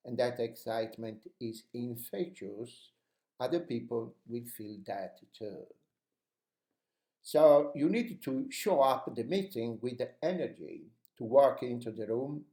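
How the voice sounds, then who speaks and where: A man's voice: mid-range voice, dark tone, reverberant. A man teaching how to speak English with energy, giving encouraging advice in an instructional lesson. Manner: encouraging, coaching tone.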